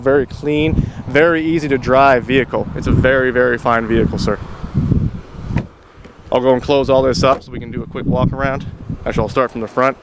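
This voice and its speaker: Man with a salesman's pitch, outdoors. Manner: repeats "very, very" and "sir". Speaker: car salesman. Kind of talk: vehicle walkaround video. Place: outdoors at a car lot. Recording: noisy outdoor recording.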